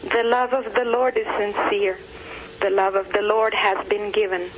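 A caller phoning in, speaking hesitantly at first, then reciting a devotional poem in a measured way. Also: mid-range voice, flat delivery, slight background noise. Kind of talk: phone call reading a poem. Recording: dull phone line.

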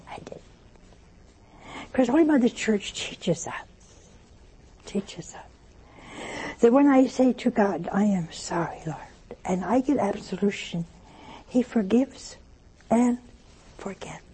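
Gravelly older woman telling a folksy sermon. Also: mid-range voice, warm tone, a little hiss or hum. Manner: folksy, chatty, acts out dialogue in different voices. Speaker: religious speaker. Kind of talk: storytelling sermon.

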